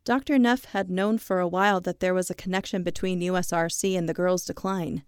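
Woman podcast co-host, lowish voice, steady story read, dry close mic. Casual asides between passages. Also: fairly quick, clean tone, dry recording. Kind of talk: reading a true story aloud in a casual podcast.

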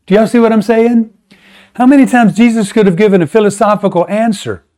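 Guy preaching, chatty but emphatic, jumps up high to make a point. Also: fairly even intonation, brisk, warm tone. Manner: conversational, emphatic preaching with sudden pitch rises. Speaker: pastor. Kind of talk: sermon.

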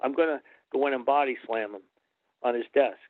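A man voicing a blunt, crude old male wrestling manager in a deadpan way. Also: medium pitch, a little fast, no room sound, close to an everyday voice. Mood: gruff. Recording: tinny phone-like line, dry.

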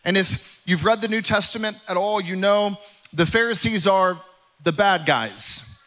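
A male pastor delivers a sermon with animated energy, acting out the voices from the text. His voice sits high and bright. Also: measured pace. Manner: animated, acts out scripture voices.

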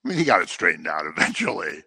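A man's voice: low voice, sing-song, quick pace, gravelly, pushed and bright, husky, no room sound, low-quality recording. A man preaching a conversational sermon, full of joking asides and everyday stories.

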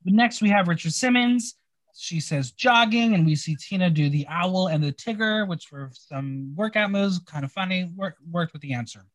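A man co-hosting a podcast, chatting casually and reading out answers with wry, quick reactions. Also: high-pitched, no echo. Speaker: podcast co-host. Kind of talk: casual recap chat.

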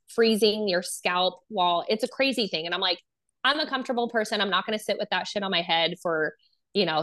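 A woman's voice: medium pitch, fairly bright tone. A young adult woman speaking as a guest, telling a personal story casually, with lots of fillers and acted-out dialogue. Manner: casual, filler-heavy, acts out quoted dialogue. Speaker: guest sharing her story.

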